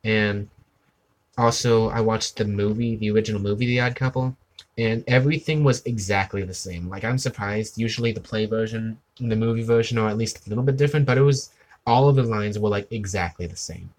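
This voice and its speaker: A man's voice: on the low side, fairly even intonation, a little fast, darkish tone. Rambling teenage guy from Maryland. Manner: rambling, laughs often, hums and sings nonsense. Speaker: art streamer. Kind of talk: casual chat while drawing.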